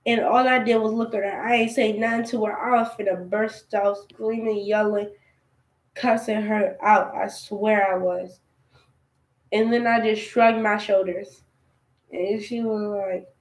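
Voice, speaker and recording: A woman's voice: fairly high pitch, fairly even intonation, measured pace. A young woman in her teens recounting a personal story in a conversational, aggrieved way for a storytime vlog. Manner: aggrieved, conversational retelling with quoted dialogue. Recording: echoey room.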